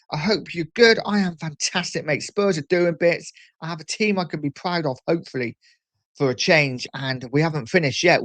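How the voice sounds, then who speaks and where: A man's voice: high voice, a bit bright, no room sound. A middle-aged man hosting a casual livestream, chatting and reading viewer comments aloud. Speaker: livestream host.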